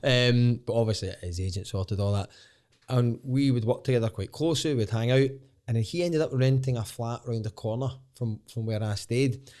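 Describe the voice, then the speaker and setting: A Scottish comedian in his thirties chats on a podcast, his voice sitting at an ordinary middle pitch. He tells lively anecdotes, swears now and then, and slips into voices for the people he quotes. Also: moderate pace. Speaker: podcast guest, stand-up comedian. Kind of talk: casual storytelling chat.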